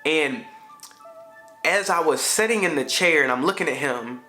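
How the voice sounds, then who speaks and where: A man's voice: fairly high pitch, lively intonation, moderate pace, bright, forceful tone, faint music behind. A father vlogger, a man telling a family story in a slangy, conversational way with frequent fillers. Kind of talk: casual storytelling to camera.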